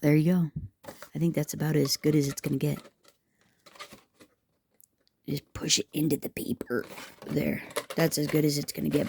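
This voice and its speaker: A woman's voice: low voice, little pitch movement, normal speed, gravelly, long pauses, darkish tone, a little hiss or hum. A woman hosting a craft tutorial, chatting and rambling to her viewers as she works, teasing herself along the way. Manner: rambling, talks to viewers as "guys", self-teasing. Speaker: craft video host.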